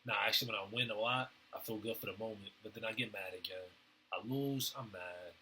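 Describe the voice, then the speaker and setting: A man rambling through a casual stream-of-consciousness monologue, halting often with fillers and restarts in slangy everyday talk. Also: lowish voice, bright, forceful tone, a little hiss or hum, rough recording. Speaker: vlogger.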